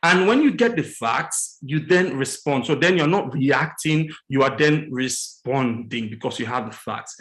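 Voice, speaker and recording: A man giving an earnest teaching talk about relationships as a guest on a religious morning show, slowing down and stressing key words and repeating his points. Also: poor audio. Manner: acts out quoted dialogue with lively pitch jumps.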